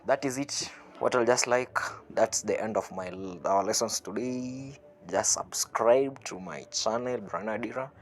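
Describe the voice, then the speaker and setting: There's a little hiss or hum behind this man's mid-range voice as he teaches a language online. He speaks phrases slowly, says them again, gives a translation for each, and laughs softly from time to time.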